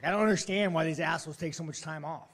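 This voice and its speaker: A man's voice: fairly high pitch, fast, fairly bright tone. A man answering reporters at a post-fight press conference, blunt, profane and provocative, mocking and laughing at his own jokes.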